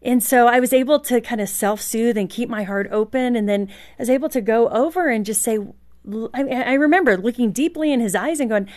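A middle-aged woman speaking as an interview guest, calm and reflective with gentle amusement. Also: a little high, fairly quick. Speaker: guest, marriage author. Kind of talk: casual interview storytelling.

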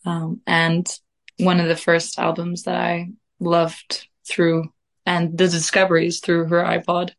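A young woman musician speaks in a low, fairly even voice that seldom rises or falls. She chats in a loose, dreamy way, drifting from thought to thought, with easy little laughs. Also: takes it slowly, gravelly. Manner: dreamy, rambling, laughs easily. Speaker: guest musician. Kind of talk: casual interview chat.

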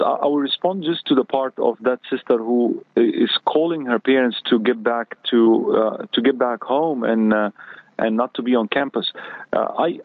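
A man's voice: mid-range voice, no echo. A man giving earnest religious advice as a guest on a radio show, hesitating often as he speaks. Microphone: phone. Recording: tinny phone line.

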